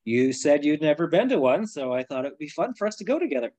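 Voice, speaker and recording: A man's voice: fairly high pitch, sing-song, quick pace, a little mellow. A man doing a breezy, teasing young woman. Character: breezy young woman who smokes, a friend.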